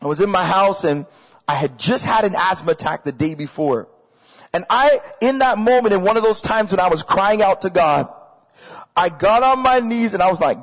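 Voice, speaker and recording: A man with a fairly high voice preaches a sermon, energetic and conversational. He drives points home by repeating short phrases and speaking straight to the listeners. The sound carries a long reverb from a large hall. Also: moderate pace. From Canada. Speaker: pastor. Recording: echoey hall.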